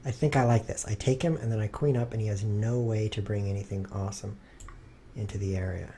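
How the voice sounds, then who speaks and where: A man streaming himself playing chess, thinking aloud and cracking dry, deadpan jokes in low muttered asides. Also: a little fast, slight background noise.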